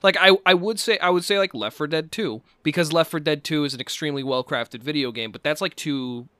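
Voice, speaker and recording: A man in casual improvised comedy banter, halting and restarting as he thinks aloud, swearing freely. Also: fairly high pitch, bright, forceful tone, clean tone, dry recording.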